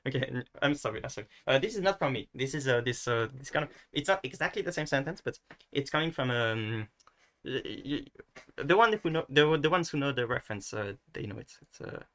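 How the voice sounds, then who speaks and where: A man's voice: mid-range voice, fairly bright tone. A young man, teaching pronunciation in a casual, hesitant way, thinking aloud and often restarting. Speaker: language teacher.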